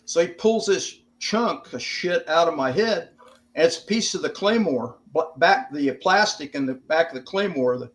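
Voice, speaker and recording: A man's voice: on the high side, animated, normal speed, a bit bright. An older American man, a veteran guest on an interview podcast, telling stories in a plainspoken, casual way with some swearing. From United States.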